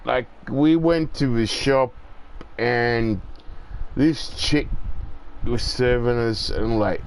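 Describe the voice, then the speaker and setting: A man's voice: medium pitch, takes it slowly, gravelly, slight background noise, rough recording. A man in his forties talking in a casual, rambling and profane monologue, with lots of "it's like".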